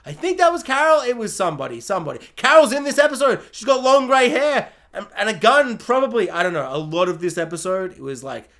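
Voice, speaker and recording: A man's voice: high-pitched, lively intonation, a little fast, hardly any pauses, fairly bright tone. A man giving a comedic, sarcastic spoiler review of a TV series, rambling and breaking into silly mock voices.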